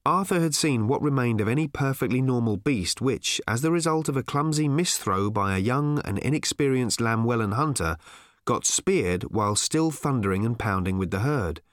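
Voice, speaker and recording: A man narrating a comic novel with wry timing, his pitch rising and falling a lot. He sits at a mid pitch, and the recording is close and dry with no room sound. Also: normal speed, dry recording. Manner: expressive, wry. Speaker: audiobook narrator. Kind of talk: scripted narration.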